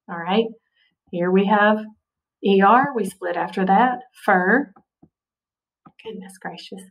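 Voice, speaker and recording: A woman's voice: mid-range voice, recorded from a distance, poor audio. A woman teaching a spelling lesson, patiently sounding out words and checking in with her students often. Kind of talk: spelling lesson over slides.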